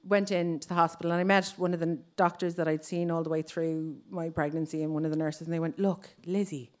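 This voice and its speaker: This speaker is a woman from Ireland, in her thirties, recounting something from her own life onstage and acting out what others said. She talks fast in a low voice with a level tone.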